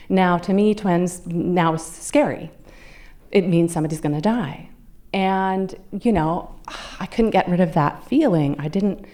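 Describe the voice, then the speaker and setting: Low-voiced woman telling her own story. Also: dark tone. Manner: conversational, acts out quoted voices. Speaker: guest speaker. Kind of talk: personal storytelling talk. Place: club meeting room.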